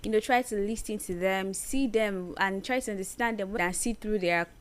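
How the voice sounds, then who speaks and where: A woman's voice: medium pitch, moderate pace. A woman hosting a solo advice podcast, speaking earnestly and stressing her points by repeating phrases. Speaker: podcast host.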